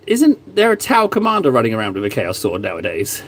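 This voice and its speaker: A man's voice: medium pitch, big pitch swings, normal speed, fairly bright tone. A young man chatting casually while painting miniatures, rambling and laughing at himself, in a small cupboard room.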